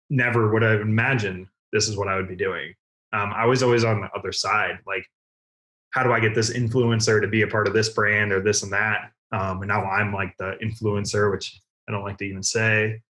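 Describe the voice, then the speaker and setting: A young man from Ohio, a guest on a casual podcast, talking in a relaxed, rambling way with many fillers. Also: lowish voice. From Cleveland, Ohio. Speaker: guest, car content creator.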